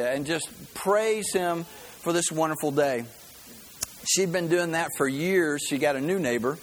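A man's voice: fairly high pitch, measured pace, a little hiss or hum, rough recording. A man preaching a sermon, telling stories in a conversational way and often checking in with "right?". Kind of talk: sermon with a storytelling lesson.

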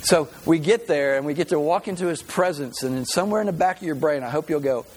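A male pastor giving a conversational, animated sermon and asking the congregation questions. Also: a little high, fast talker, slightly rough.

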